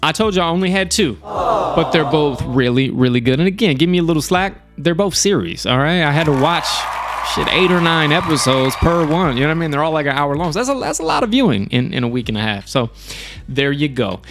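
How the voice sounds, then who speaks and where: A man's voice: on the high side, lively intonation, fairly quick, music in the background. Chatty man hosting a live stream. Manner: chatty, swears casually, restarts often. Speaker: streamer and show host. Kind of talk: casual live-stream review.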